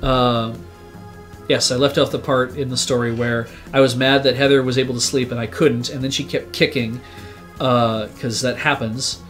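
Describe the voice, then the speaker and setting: A man's voice: medium pitch, normal speed, faint music behind. A man, a regular on the show, telling a long rambling story in casual chat, swearing and acting out what he said at the time. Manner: rambling, animated, swears, acts out his own quotes. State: sick.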